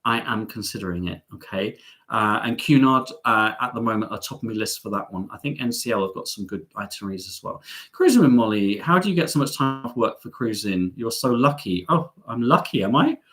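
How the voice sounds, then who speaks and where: A man's voice: lowish voice, lively intonation, brisk, fairly bright tone. A middle-aged man hosting a live stream, chatting casually as he reads out viewer comments, with sarcastic, self-mocking asides and lots of ums.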